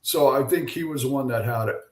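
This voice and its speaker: A man's voice: mid-range voice, fast talker. Older man telling stories in an echoey room. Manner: animated anecdote teller, acts out quotes. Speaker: guest, former baseball pitcher. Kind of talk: casual storytelling. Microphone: video call.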